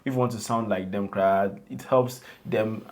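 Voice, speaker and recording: A man's voice: lowish voice, fairly even intonation, normal speed, darkish tone. A man with a Ghanaian accent co-hosting a casual gossip chat, easygoing and rambling, who laughs often. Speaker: co-host.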